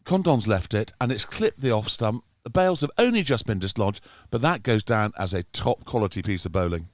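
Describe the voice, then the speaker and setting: A man's voice: on the low side, brisk, no echo, clean studio sound. A man doing chatty live commentary on a club cricket match, teasing his co-commentator. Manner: chatty, teasing, gets excited at wickets.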